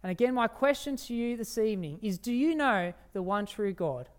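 A preacher delivering an evening sermon with a smooth, resonant voice. The delivery is emphatic, drawing out key phrases slowly and putting rhetorical questions to the listeners. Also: medium pitch, lively intonation.

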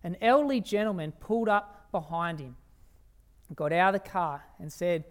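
A preacher giving an evening sermon in an emphatic way, slowing down on key phrases and asking the listeners rhetorical questions. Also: medium pitch.

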